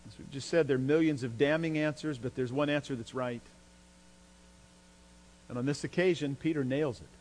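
Emphatic pastor preaching in a hall. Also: male voice, moderate pace, darkish tone. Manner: emphatic, rising pitch and volume when stressing points. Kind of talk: sermon. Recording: long hall reverb with mains hum.

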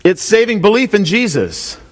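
A high-voiced pastor preaches an expository sermon at a moderate pace, his pitch swinging widely. He asks the congregation questions and drives home key lines by repeating them, and a long hall reverb colors the sound.

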